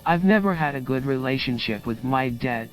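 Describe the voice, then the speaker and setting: A man of middle pitch reads a story aloud on a stream, keeping a plain, steady storytelling delivery. Faint music sits behind him. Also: moderate pace. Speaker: co-host reading the AI-written story. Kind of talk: reading story text aloud.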